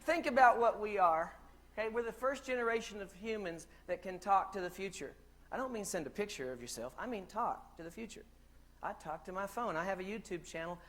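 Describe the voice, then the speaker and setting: A man's voice: sits high, expressive, brisk, fairly bright tone. A middle-aged man giving a humorous keynote to teachers in a large conference hall, talking straight to the crowd. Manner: joking, addresses audience directly. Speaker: keynote speaker.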